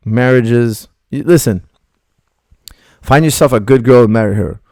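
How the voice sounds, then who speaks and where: A man's voice: mid-range voice, unhurried, darkish tone, no echo, clean studio sound. A middle-aged man, a martial arts coach, bluntly rambling through viewer questions on a live stream.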